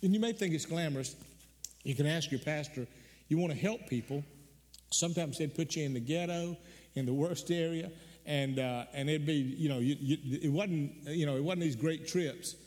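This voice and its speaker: A man preaching a sermon, telling a personal story earnestly and slowing down on the emotional moments. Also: on the high side, darkish tone, long reverb tail.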